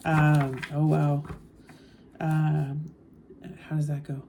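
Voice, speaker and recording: A woman giving a channeled tarot reading, talking in a slow, musing way with soft fillers. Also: low voice, little pitch movement, background noise. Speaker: tarot reader.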